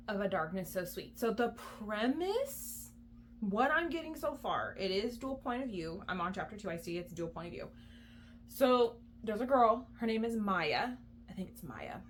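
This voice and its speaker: Chatty young mom vlogging about books. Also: female voice, medium pitch, a little hiss or hum. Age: young adult. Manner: chatty, rambling, many likes and ums. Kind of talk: casual vlog chat.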